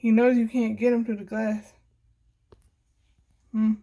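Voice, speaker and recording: A woman with a fairly high voice croons sing-song baby talk to a cat while she films it on her phone. She speaks slowly and unhurriedly, filming from indoors by a window. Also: flat delivery, dark tone. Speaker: pet video maker.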